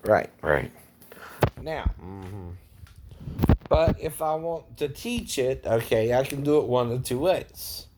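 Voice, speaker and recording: A man's voice: medium pitch, big pitch swings, takes it slowly, noisy background. A man who works as an impersonator talks casually to his viewers, keeps adding "right?" and chuckles often. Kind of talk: casual vlog monologue.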